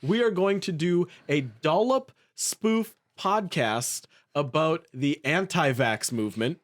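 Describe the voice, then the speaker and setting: A man hosting a podcast in a joking, relaxed way and narrating as game master. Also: on the high side, takes it slowly. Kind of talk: casual podcast chat and tabletop narration.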